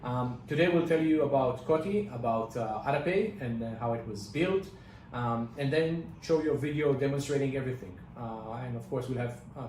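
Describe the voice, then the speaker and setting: A man's voice: medium pitch, darkish tone. A man from Israel, a company executive, opening a conference presentation with many hesitant fillers. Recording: echoey, distant, faint noise.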